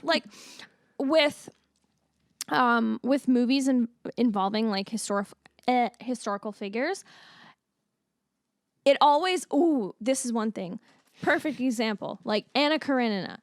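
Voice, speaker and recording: A woman talks through a movie on a casual review podcast. Her voice sits a little high, and she acts out her reactions in quoted asides, swearing freely. The sound is dry and close, with no room around it. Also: animated, measured pace, long pauses, dry recording. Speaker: podcast co-host.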